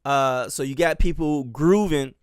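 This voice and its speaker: A man with a Southern accent talks casually on his solo podcast, rambling along with plenty of fillers and false starts. His voice is smooth and clear. The sound is dry and close, with no room around it. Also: on the high side, measured pace, no room sound. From Miami and Charleston, US South. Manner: rambling, with many fillers and restarts. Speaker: dance teacher and podcast host.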